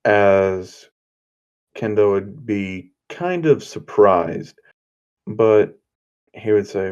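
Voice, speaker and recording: A man's voice: fairly low pitch, very slow, long pauses, darkish tone, clean tone, muffled recording. A man narrating an improvised fan story in a loose, casual way, swearing now and then.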